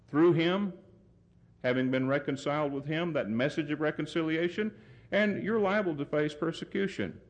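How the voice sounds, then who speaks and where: A man preaching a sermon, earnest and emphatic, lifting his voice on key points and slowing down to stress them. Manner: earnest, emphatic, rising pitch on key points, deliberate pauses.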